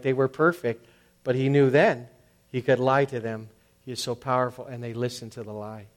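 A man's voice: mid-range voice, darkish tone. A middle-aged man preaching as a pastor in a conversational, storytelling manner, sometimes acting out quoted voices. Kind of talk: sermon.

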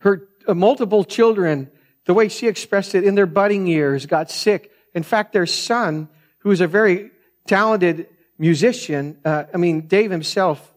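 A man's voice: high voice, unhurried. A middle-aged man preaching a sermon as pastor, in a chatty, digressive way, often tossing in "man". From France.

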